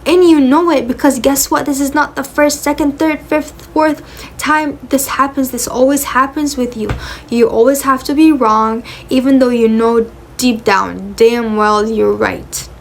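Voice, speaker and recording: A woman's voice: high-pitched, fairly even intonation, unhurried, creaky, a little hiss or hum. Earnest young woman giving advice. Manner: earnest, repeats phrases for emphasis, calls listener honey. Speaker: motivational creator. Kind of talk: direct-to-camera advice talk.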